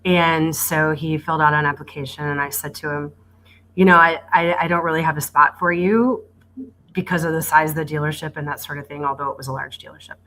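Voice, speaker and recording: A woman in her forties telling her career story in a podcast interview, animated and acting out quoted dialogue, with frequent stammered restarts. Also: deep voice, fairly quick, a little hiss or hum, rough recording. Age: 40s. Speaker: guest, dealership executive. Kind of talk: conversational storytelling.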